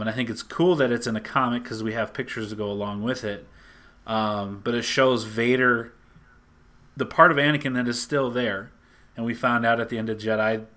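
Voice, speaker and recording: A man casually retelling a comic book story to a friend, animated and acting out the lines. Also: medium pitch.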